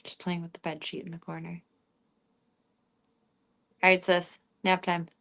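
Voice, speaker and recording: A young woman streaming from home, chatting casually and baby-talking her cat, often dropping to a soft, hushed voice. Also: on the low side, level tone, measured pace, gravelly. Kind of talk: casual livestream chat.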